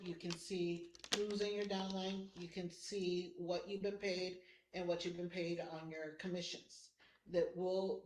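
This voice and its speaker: A staff member explaining office paperwork at a meeting in a run-on, step-by-step way. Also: mid-range voice. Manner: explanatory, run-on, talks through the process. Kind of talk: casual office meeting talk. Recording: echoey meeting room.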